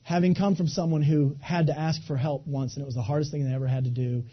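A man in his twenties giving an animated, folksy motivational talk, speaking directly to a live audience. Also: fairly high pitch, fast, slightly rough, lo-fi sound. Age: 20s.

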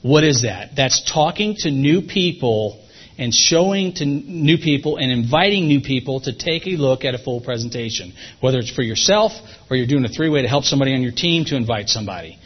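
Guy running a sales training, talks fast, kinda husky, muffled recording. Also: mid-range voice, expressive. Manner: fast, folksy, repeats himself for emphasis.

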